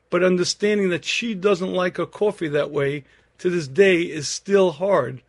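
Throat-clearing man giving a Torah lecture. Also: sits high, normal speed. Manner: frequent throat-clearing, earnest storytelling.

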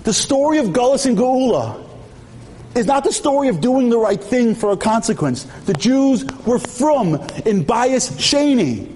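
A man's voice: very high-pitched, big pitch swings, a little mellow. A man preaches at a memorial tribute. He tells stories with humor, fires off rhetorical questions and slips into different voices to act out the dialogue, with faint ambient noise behind him. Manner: acts out dialogue with quick shifts of voice; emphatic, with frequent rhetorical questions. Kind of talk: storytelling sermon with humor.

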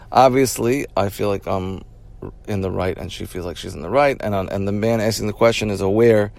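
Low gravelly man hosting an advice podcast. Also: a little mellow. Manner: repetitive, restarts phrases while explaining. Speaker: podcast host.

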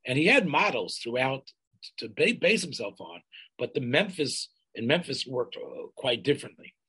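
An older man telling a community history in an oral history interview, halting and restarting often, sprinkling in Yiddish and Hebrew terms. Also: mid-range voice, very animated, bright, forceful tone, slightly rough, poor audio.

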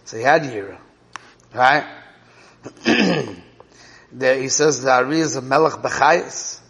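A man's voice: mid-range voice, expressive, takes it slowly, vocal fry, a bit bright. A man teaching a Torah class and explaining a parable, checking in with his listeners with "right?" and "okay?". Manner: checks in with listeners, 'right?' and 'okay?'. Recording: reverberant hall.

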